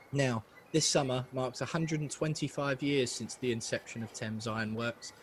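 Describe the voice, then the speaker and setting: A man from England hosting a football podcast, reading a formal intro and then chatting briskly with his co-hosts. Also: medium pitch, a little hiss or hum. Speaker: podcast host. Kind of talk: casual chat with scripted intro.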